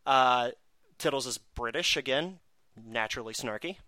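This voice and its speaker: A man's voice: medium pitch, normal speed, pushed and bright, no echo. A man hosting a casual podcast chat, snarky and self-mocking as he talks. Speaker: podcast host.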